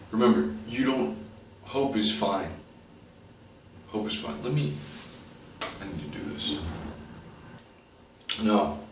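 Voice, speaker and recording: Earnest deep-voiced man giving a pep talk. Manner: earnest, repetitive, addresses viewers directly. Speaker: motivational video host. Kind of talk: motivational monologue. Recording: roomy, distant from the mic, faint noise.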